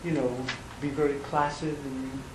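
An older man, a film director answering questions at a press conference, speaking haltingly with restarts and self-deprecation. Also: mid-range voice, flat delivery. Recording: echoey room with background noise.

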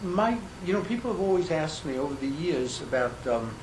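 An older man fields questions at a press conference, his slightly high voice halting and full of restarts. He is self-deprecating. The room is echoey, with steady noise behind him. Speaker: film director at a press conference. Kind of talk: unscripted press conference answers.

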